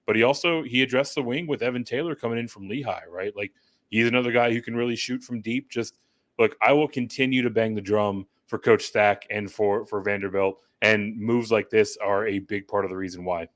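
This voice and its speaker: Male co-host, low voice, rambling sports talk, dry sound. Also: steady tone, fairly quick, dry recording. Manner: rambling, full of "right?" and "you know". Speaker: podcast co-host. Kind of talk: casual sports analysis.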